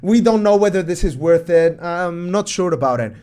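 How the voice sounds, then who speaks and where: Hesitant, doubtful club board executives, as a man puts them on in a somewhat lower voice than his own. They hedge and fill with pauses. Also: lively intonation, darkish tone, smooth. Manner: hesitant, with fillers.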